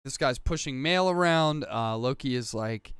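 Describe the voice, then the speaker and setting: Smooth-voiced man recapping casually. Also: medium pitch, moderate pace, fairly bright tone, no echo. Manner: rambling recap, acts out quoted lines with laughs. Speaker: podcast host recapping an episode. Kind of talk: casual chat.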